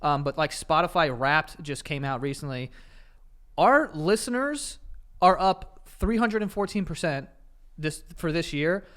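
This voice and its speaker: A man's voice: a little high, a little slow, fairly bright tone. A man co-hosting a podcast in casual chat, profane and joking, laughing often. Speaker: podcast co-host.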